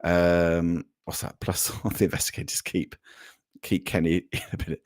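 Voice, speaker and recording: A British man hosting a casual livestream, chatting loosely with many ums and laughs, reading out viewer comments and thanking donors with sudden bursts of excitement. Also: sits low, moderate pace, no room sound, clean studio sound. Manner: effusive thanks, voice jumping up for donors. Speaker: livestream host.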